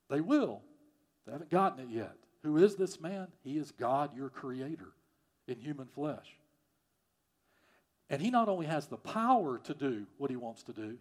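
A man preaching a sermon, repeating phrases and swinging from loud emphasis to quiet, prayerful lines. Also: medium pitch. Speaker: pastor.

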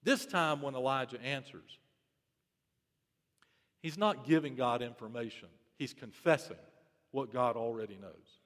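A man's voice: mid-range voice, a little slow, pauses often, fairly bright tone. A pastor preaching a sermon in an earnest, emphatic way, repeating his key phrases. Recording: reverberant hall.

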